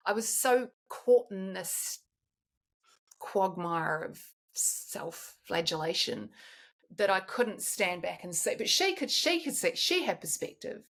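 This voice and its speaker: A woman's voice: medium pitch, lively intonation, unhurried, fairly bright tone. A woman in her forties, a guest in a candid podcast conversation, talks in a reflective way and often restarts while she searches for words.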